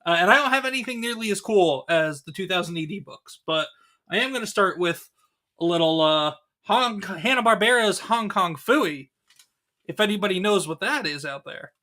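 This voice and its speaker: A man's voice: high-pitched, expressive, normal speed, bright, forceful tone. A man hosting a casual live chat, upbeat and talkative with frequent laughs. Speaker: host.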